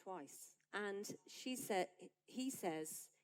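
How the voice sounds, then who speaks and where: A woman pastor, preaching a sermon in a conversational, lively way that builds to emphatic peaks. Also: medium pitch, drawn-out words, rough recording.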